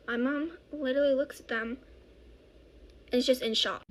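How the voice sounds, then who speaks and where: Chatty woman storyteller, self-correcting, slightly high voice. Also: moderate pace. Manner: rambling, self-correcting, animated. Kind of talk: casual storytime.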